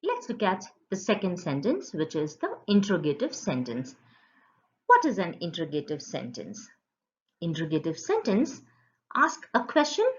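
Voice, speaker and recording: A woman teacher giving an online grammar lesson to children, in a patient, sing-song teaching voice. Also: medium pitch. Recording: dull lo-fi sound.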